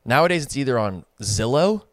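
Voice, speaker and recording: A man's voice: mid-range voice, expressive, fairly quick, no echo, clean studio sound. A young man co-hosting a podcast, chatting casually and thinking aloud with lots of fillers. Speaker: podcast co-host. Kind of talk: casual chat.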